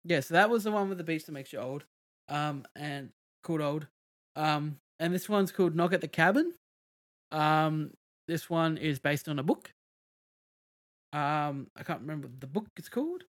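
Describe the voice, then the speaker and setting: A man's voice: a little high, expressive, normal speed. Rambling man recapping a movie. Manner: rambling, many fillers and restarts. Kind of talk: casual movie review chat.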